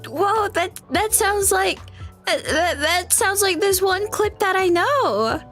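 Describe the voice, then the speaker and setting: Very high-pitched, theatrical woman streamer. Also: expressive, slow, fairly bright tone, soft background music. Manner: theatrical, mock-dramatic. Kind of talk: casual gaming chat.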